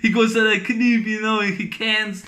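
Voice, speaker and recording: A man's voice: high-pitched, little pitch movement, moderate pace, bright, forceful tone. A man giving a casual spoken movie review, rambling with many fillers and often laughing as he retells scenes. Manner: rambling, full of fillers and "you know".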